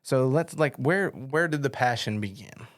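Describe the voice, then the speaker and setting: A middle-aged man hosts a podcast interview, chatting casually and telling stories full of fillers and restarts. He speaks at a normal speed in a medium-pitched voice with lively intonation.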